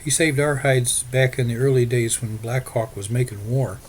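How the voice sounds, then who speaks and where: A man's voice: mid-range voice, normal speed, lightly acted. A friendly young frontier farmer's son speaks plainly and folksily in an audiobook, with a mid-range voice, as a male narrator puts him on. Faint noise sits under the reading.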